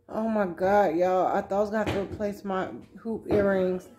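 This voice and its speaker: A woman's voice: medium pitch, steady tone, moderate pace, a little mellow. A tired woman vlogging at home on her phone camera, chatting casually and teasing her dog with playful exclamations. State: tired after work. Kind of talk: casual vlog chat at home. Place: home, indoors.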